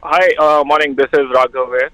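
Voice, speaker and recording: Bright high-voiced male caller. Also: fairly even intonation, brisk, no room sound, rough recording. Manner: hesitant, many "uh"s. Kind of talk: call-in phone chat.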